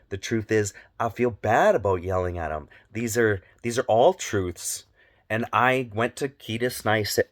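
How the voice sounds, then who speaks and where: Low-voiced male vlogger, earnest and repetitive, dry close sound. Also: no room sound. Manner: earnest, repeats phrases for emphasis. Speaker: parenting vlogger. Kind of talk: candid personal monologue.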